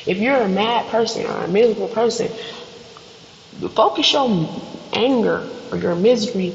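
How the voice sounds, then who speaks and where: A woman hosts her own podcast, ranting bluntly with lots of swearing and acting out quick scenes with other people. Her voice sits in a roomy, echoey space. The sound is a little dull, with a faint hiss underneath. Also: mid-range voice, gravelly. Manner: blunt, profane, animated, acts out little scenes. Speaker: podcast host. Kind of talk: solo podcast rant. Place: studio.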